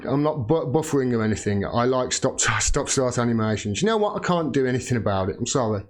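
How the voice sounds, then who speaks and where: A British man in his forties holds forth on a live political stream in a fairly high voice, angry and sweary, breaking into laughs now and then. He talks straight to his viewers as the host. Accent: British English. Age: 40s. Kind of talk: livestream political rant.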